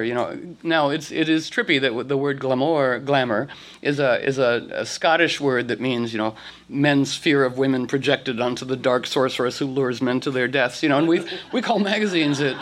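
A man telling rambling stories to a group, acting out quotes and restarting often. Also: a little high. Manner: animated, acts out quotes, many restarts. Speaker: speaker addressing a group. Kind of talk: rambling storytelling talk.

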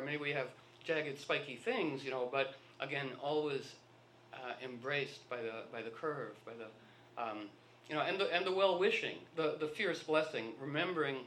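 Bright-voiced man telling rambling anecdotes. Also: fairly high pitch, slight background noise. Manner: rambling, acts out dialogue in anecdotes. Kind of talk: anecdotal storytelling talk. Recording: echoey room.

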